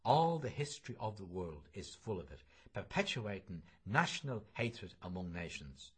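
A man's voice: deep voice, very animated, normal speed, a bit bright, breathy edge, heavily acted. A man reading the part of an earnest middle-aged man who pleads against hatred, stressing words one by one. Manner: insistent, listing words one by one.

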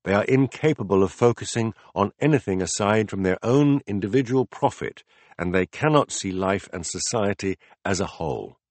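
A man reading as a calm, low-voiced philosopher. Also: moderate pace, dry recording, close to an everyday voice. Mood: patient. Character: calm, patient male teacher explaining ideas. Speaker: philosopher in a dialogue. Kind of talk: audiobook dialogue reading.

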